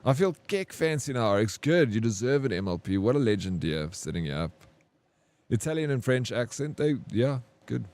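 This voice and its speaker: With no echo on the recording, a young South African man talks at a normal speed, his medium-pitched, slightly mellow voice swinging widely in pitch. He chats frankly with viewers while streaming a game, laughing easily, his South African accent clear.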